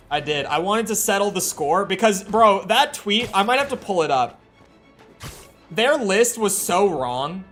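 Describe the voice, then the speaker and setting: A young man with an American Midwestern accent chatting casually on a live game stream, opinionated and rambling. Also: a little high. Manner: opinionated, animated, rambling with restarts.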